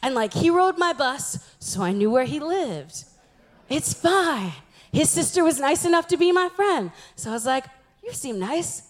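A woman's voice: sits high, animated, normal speed. A young woman giving a humorous church talk, telling stories about herself in a chatty, self-mocking way. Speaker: youth speaker.

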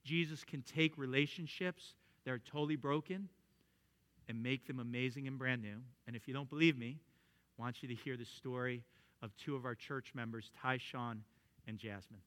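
A man pastor preaching a sermon as a lively storyteller, swinging from excited outbursts to hushed tones. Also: mid-range voice, moderate pace.

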